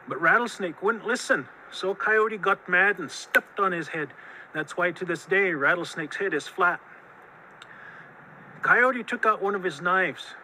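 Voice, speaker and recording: A man telling a traditional tale in a lively, expressive way, drawing out the key moments. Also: sits high, slight background noise, low-quality recording. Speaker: storyteller. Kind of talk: oral storytelling of a traditional tale.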